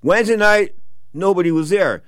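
A man's voice: high-pitched, normal speed, fairly bright tone, no room sound, clean studio sound. An older man, a former boxer, talking casually and rambling through stories, repeating himself often. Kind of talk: casual monologue.

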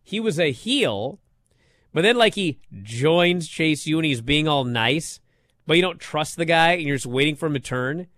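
Man co-host, lively pitch, bright tone, casual and excitable, dry close recording. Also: normal speed, no room sound. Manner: animated, rising to loud disbelief. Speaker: wrestling show co-host. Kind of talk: casual podcast chat.

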